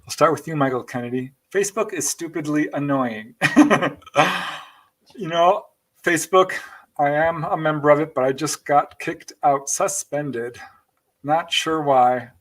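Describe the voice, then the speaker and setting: A man's voice: on the high side, measured pace. A man hosting a live-stream show, reading out viewer comments in a chatty, thankful way and laughing between them. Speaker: podcast host.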